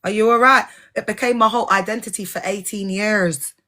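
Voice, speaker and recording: Her voice sits at medium pitch with fairly level intonation, bright and forceful, moving at a fairly brisk clip. The speaker is a vlogger and ex-church member delivering a loose, meandering monologue, frank and sarcastic, constantly asking whether the listener follows.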